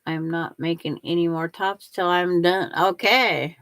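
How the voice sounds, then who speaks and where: Older lady quilting on a livestream, slow easy talk, dry close sound. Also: fairly low pitch, steady tone, fairly bright tone, no echo. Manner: chatty, answers viewers and talks herself through each step. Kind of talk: casual chat while sewing.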